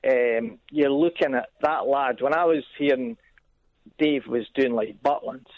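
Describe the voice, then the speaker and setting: A man's voice: mid-range voice, measured pace, no echo, dull audio. A man with a Scottish accent who has called in to a radio show and chats in a rambling, hesitant way, full of asides. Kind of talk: casual radio chat.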